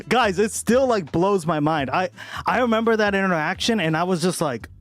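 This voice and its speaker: Animated swearing streamer guy. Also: high-pitched, normal speed, soft background music. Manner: profane, rambling, laughs often. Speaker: livestream host. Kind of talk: casual livestream commentary.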